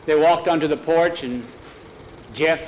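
Male storyteller, folksy spoken western, slightly high voice, faint hum under the recording. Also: low-quality recording. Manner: folksy, repeats "he says" between quotes. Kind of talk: oral storytelling.

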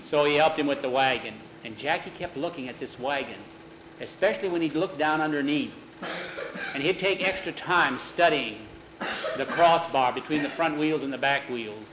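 A man telling a story aloud in plain, unhurried narration, with a roomy echo. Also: on the high side, background noise. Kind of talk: oral storytelling. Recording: roomy echo, faint ambience.

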